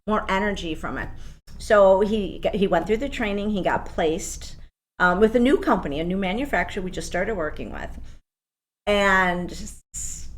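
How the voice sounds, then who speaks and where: A woman's voice: medium pitch, moderate pace. A woman guest in a podcast interview, telling stories with enthusiasm and frequent "you know". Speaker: guest, program coordinator. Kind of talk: casual interview.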